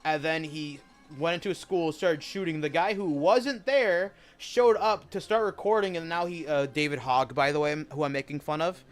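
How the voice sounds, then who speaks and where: A young man with a slightly high voice chats loosely over a game, wandering off into opinionated tangents and swearing freely. Soft game music runs quietly underneath him. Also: normal speed. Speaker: gaming streamer. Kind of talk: casual gameplay commentary.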